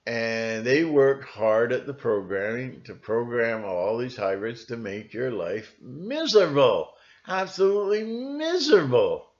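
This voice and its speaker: A man talks on his own in a loose, wandering monologue. His voice sits at an ordinary middle pitch. He keeps halting on fillers and repeated words, and the recording sounds dull and lo-fi. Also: lively intonation. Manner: halting, with many fillers and restarts. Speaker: channel host. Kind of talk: rambling solo monologue.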